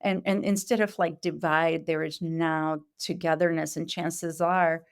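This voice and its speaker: A woman speaks at a conference as a Montessori educator, with a voice that sits a little low for a woman. She explains earnestly and patiently. She often pauses and uses fillers as she works through her points. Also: little pitch movement, smooth. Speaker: Montessori educator giving a talk. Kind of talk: conference talk.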